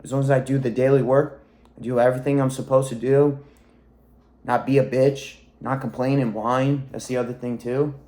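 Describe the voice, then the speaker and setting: A man's voice: mid-range voice, flat delivery, moderate pace, warm tone. A young man in his twenties talking to camera in a rambling, reflective monologue, swearing freely as a weight-loss coach.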